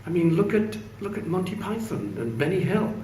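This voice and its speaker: A man's voice: sits high, big pitch swings, moderate pace, mellow, slight background noise, pitched above the performer's own voice. A man putting on a hammy fake posh English toff. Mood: jovial. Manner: hammy fake upper-class bluster. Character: hearty male manager mimicking a posh Englishman. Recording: echoey room from a distance.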